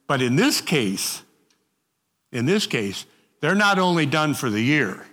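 A man leading a group Bible study, reading passages and talking them through in a halting, conversational way with frequent restarts. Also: a little high, big pitch swings, fairly bright tone, long reverb tail.

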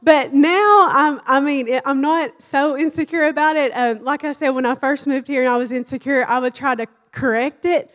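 High-voiced Kentucky woman, nervous preacher. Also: steady tone, moderate pace, few pauses, fairly bright tone. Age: young adult. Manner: nervous, giggly, self-conscious. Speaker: Bible college student preacher. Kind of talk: sermon opening. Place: church hall.

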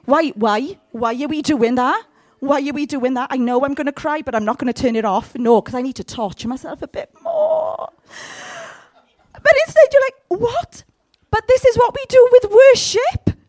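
A woman giving a sermon in a humorous, conversational way, with sudden loud, high outbursts. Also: sing-song, normal speed, dry recording. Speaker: preacher.

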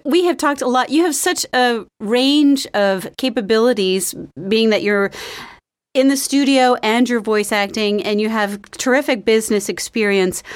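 A woman's voice: a little high, dry recording, clean studio sound. Friendly, encouraging woman interview host. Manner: laughs often, friendly and encouraging. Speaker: talk show host. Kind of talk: casual interview chat.

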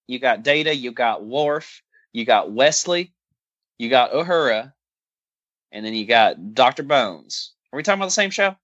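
A man co-hosting a casual movie podcast, joking and rambling in a lively way. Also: mid-range voice, moderate pace, no echo, dull audio. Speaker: podcast co-host.

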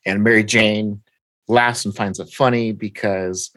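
A podcast co-host recaps a story in casual chat, animatedly retelling it and laughing often as he quotes the characters in his own voice. His voice is fairly low and fairly bright, with fairly even intonation and a slightly slow pace, in a dry recording.

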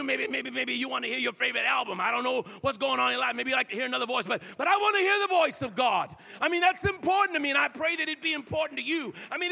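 A male pastor preaching a sermon in a church, swinging from loud shouts down to hushed whispers. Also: very high-pitched, vocal fry. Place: church sanctuary. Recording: long reverb of a large hall.

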